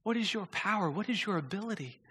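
A man preaching a sermon, telling a story in an animated way and often restarting and repeating words, with his voice rising to near shouting at the big moments. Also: high-pitched, fast, husky, big-room sound. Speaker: pastor.

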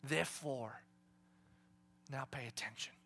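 A man preaching a sermon dramatically, swinging from hushed whispers to shouted exclamations and acting out the people in his stories. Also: medium pitch, unhurried, gravelly, slightly rough. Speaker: pastor.

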